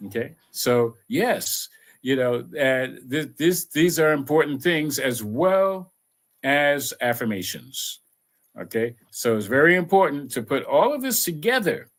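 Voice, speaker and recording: A man giving an unhurried, conversational spiritual talk and leading affirmations, with many "you know"s. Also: on the high side, fairly bright tone. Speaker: spiritual teacher.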